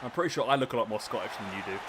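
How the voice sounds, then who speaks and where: A man, commentating a wrestling video game on a live stream, excitable and jokey, bantering with his chat. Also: on the low side, rapid-fire. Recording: game crowd noise behind voice. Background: wrestling game crowd and arena noise.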